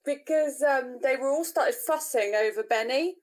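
A woman's voice: high-pitched, moderate pace. A woman co-hosting a casual podcast from her home over a video call, chiming in hesitantly. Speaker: podcast co-host. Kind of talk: casual chat. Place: own home.

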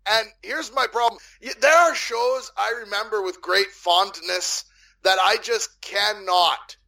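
Canadian male podcast guest: raspy fry, sharp tone, crude rambling joker. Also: high-pitched, a little slow. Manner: rambling, crude joking, swearing. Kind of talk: casual podcast chat.

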